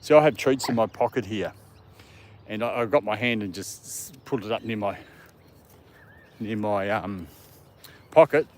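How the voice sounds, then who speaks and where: A vlogger takes his dog for a walk in the park while casually live-streaming and talking to the dog. His voice is fairly low, his pace moderate, and he leaves long pauses, with faint outdoor noise in the background.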